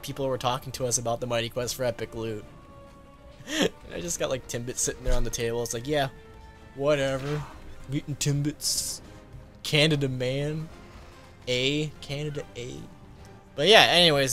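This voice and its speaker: With soft music playing in the background, a male gaming YouTuber rambles through a relaxed story-time vlog, dropping fillers and quick laughs. He has a medium-pitched, slightly bright voice.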